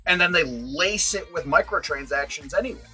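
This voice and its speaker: A man's voice: on the high side, animated, brisk, sharp tone, soft background music. A man co-hosting a gaming podcast in casual chat, ranting about game prices in an opinionated way. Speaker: podcast co-host.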